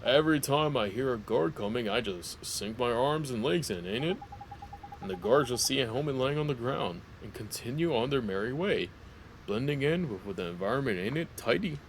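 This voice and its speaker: A man's voice: medium pitch, animated, moderate pace, a little hiss or hum, close to an everyday voice. A man voicing a cheeky, boastful little male fairy sidekick who talks bluntly in slang, reading game dialogue aloud.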